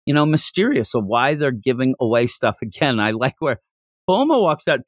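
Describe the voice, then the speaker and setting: A man's voice: mid-range voice, moderate pace, no room sound. A man hosting a manga podcast, talking casually and rambling while acting out lines. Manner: rambling, animated, acts out quotes. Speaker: podcast host.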